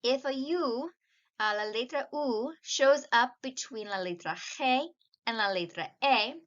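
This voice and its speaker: A woman's voice: fairly high pitch, measured pace, fairly bright tone, highs cut off. A woman teaching a casual video lesson, patiently explaining and mixing Spanish words into her English.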